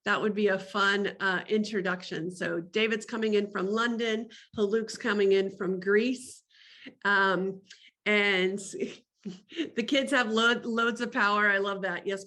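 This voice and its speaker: A woman's voice: mid-range voice, bright, forceful tone. A woman hosting an online session, friendly, reading participants' comments aloud before handing over. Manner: friendly, reads out chat comments. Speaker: host.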